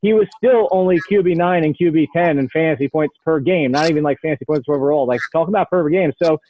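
A man hosting a sports podcast in casual chat, quick and rambling, often correcting himself. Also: fairly high pitch, narrow, tinny audio, slight background noise. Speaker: podcast host.

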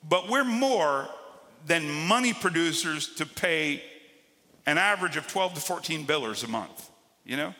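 A man preaching a sermon as pastor, swinging between loud emphatic lines and quiet drawn-out ones. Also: a little high, animated, big-room sound.

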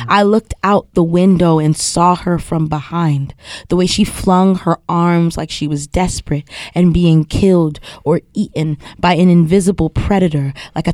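A woman from Queens, New York, reads a poem aloud in a slow, deliberate way. Her voice sits a little low and sounds mellow. The close studio sound is dry. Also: no echo. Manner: measured, deliberate delivery. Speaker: poet. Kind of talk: poetry reading.

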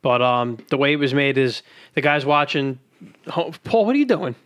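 A man's voice: mid-range voice, sing-song, normal speed, a bit bright. A man hosting a casual podcast. He tells stories in a rambling, hesitant way. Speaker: podcast host.

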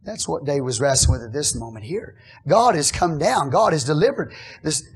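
A man preaching a sermon as pastor, swinging from hushed, conversational asides to loud, shouted declarations. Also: a little high, lively intonation, a little fast, breathy edge.

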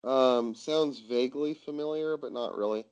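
A man giving quiet, brief replies as a student on a video call. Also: medium pitch, moderate pace, smooth. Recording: dull video call audio.

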